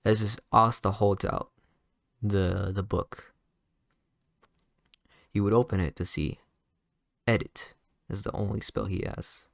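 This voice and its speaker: A man's voice: lowish voice, fairly even intonation, takes it slowly, creaky, long pauses, no echo, studio quality. A man casually improvising a fan story, rambling with lots of fillers and restarts.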